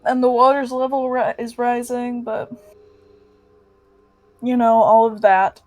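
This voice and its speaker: A woman's voice: fairly high pitch, steady tone, unhurried, a little mellow, lo-fi sound, soft background music. A woman playing a tabletop game online, rambling casually through a recap, swearing offhand and acting out bits of dialogue. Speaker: player.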